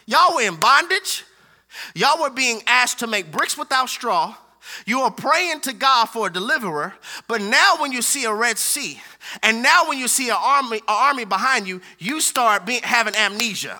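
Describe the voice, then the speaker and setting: Guy preaching, real high voice, super bright and sharp, acts out little voices. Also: normal speed. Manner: animated preaching with acted-out voices and laughter. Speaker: pastor. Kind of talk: sermon.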